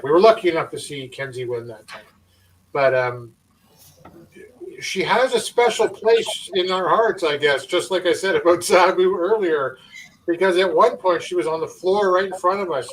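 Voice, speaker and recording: A man hosting a wrestling podcast, chatting in a relaxed, hesitant way with lots of fillers. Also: a little high, distant mic, rough recording. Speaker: podcast host. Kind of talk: casual podcast chat.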